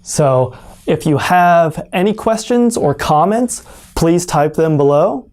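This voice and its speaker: In an online lesson, a native English speaker teaches pronunciation, speaking deliberately and exaggerating sounds to show them. The voice is medium in pitch, animated, and somewhat dark in tone.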